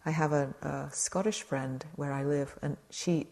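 A woman teaching meditation speaks in a low, mellow voice. Her dharma talk at the retreat is gentle and conversational, and she addresses the audience with easy, light humor. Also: steady tone, unhurried, vocal fry.

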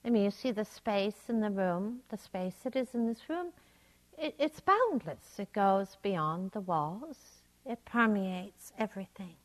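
Woman meditation teacher, dharma talk, gentle and reflective, unhurried. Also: medium pitch, animated.

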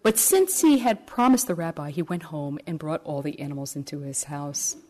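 A woman meditation teacher giving a dharma talk at a retreat, gentle and reflective as she tells stories. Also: deep voice, normal speed.

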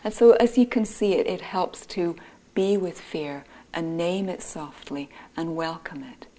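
Soft-spoken woman meditation teacher. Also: fairly low pitch, unhurried, slight background noise, poor audio. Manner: gentle, soft-spoken, often breathy and near-whispered. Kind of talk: dharma talk with storytelling. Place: meditation hall.

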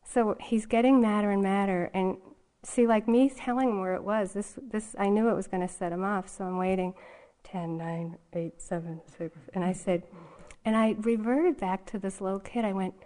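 A woman's voice: mid-range voice, normal speed, warm tone. A woman meditation teacher giving a dharma talk, telling a personal story in a candid, rambling way full of fillers and restarts.

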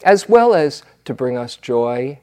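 A male meditation teacher gives a dharma talk at a slow, unhurried pace. His voice sits at a middle pitch and sounds reflective. He moves into stories easily and leaves natural pauses between thoughts. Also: very animated, darkish tone. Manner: unhurried, reflective storytelling with fillers.

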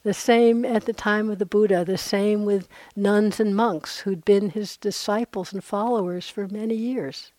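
A woman's voice: medium pitch, steady tone, unhurried, hardly any pauses, a little mellow, dry recording. A woman meditation teacher giving a dharma talk on retreat, conversational and earnest, with frequent asides.

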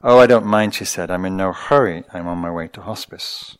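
A man voicing a frail, gentle old woman. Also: sits low, brisk, clean tone, lightly acted. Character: frail elderly woman on her way to hospice.

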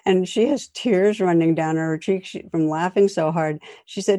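A woman meditation teacher giving a calm, reflective dharma talk with gentle jokes. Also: low voice, moderate pace, hardly any pauses, no room sound, clean studio sound.

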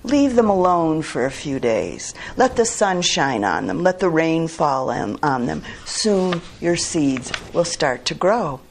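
A woman voicing a calm, wise male frog in a storybook reading who explains things patiently and gently. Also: low-pitched, slow pace, vocal fry, hardly any pauses, a little hiss or hum, full character voice. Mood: reassuring.

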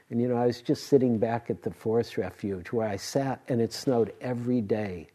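Mellow-voiced older man giving a dharma talk. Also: medium pitch, a little fast, hardly any pauses. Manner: rambling storytelling with restarts and soft laughs. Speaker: meditation teacher.

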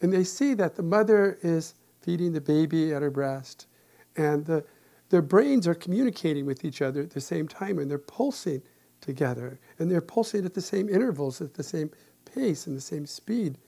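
A man in his sixties, a meditation teacher and therapist, giving a calm, reflective dharma talk with gentle humor. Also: on the high side, normal speed, creaky.

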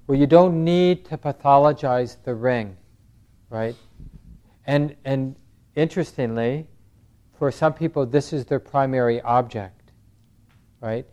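A man teaching a meditation class, speaking in a calm, gentle way and answering questions from the group. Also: medium pitch, measured pace, long pauses. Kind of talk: dharma talk with group questions.

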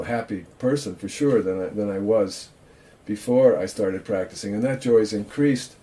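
Older man giving a chatty Zen talk. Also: lowish voice. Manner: chatty, self-mocking, animated asides. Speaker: Zen teacher and author. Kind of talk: informal dharma talk on a video call.

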